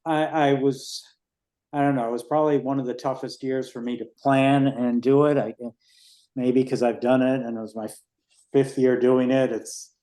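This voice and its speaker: A man in his sixties giving a rambling, relaxed report on the race he organizes at a town committee meeting. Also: medium pitch, roomy sound. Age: 60s. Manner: rambling, relaxed, with fillers and restarts.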